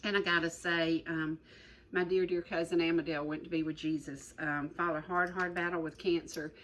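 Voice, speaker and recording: Middle-aged woman, folksy cooking chat, lowish voice, faint background noise. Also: flat delivery, normal speed, fairly bright tone, poor audio. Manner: chatty, rambling, doubles her words. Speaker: cooking show host.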